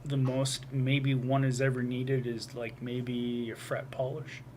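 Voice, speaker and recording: A man's voice: medium pitch, little pitch movement, slow, darkish tone, a little hiss or hum. A man from Canada, co-hosting a casual guitar chat and laughing often. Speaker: co-host.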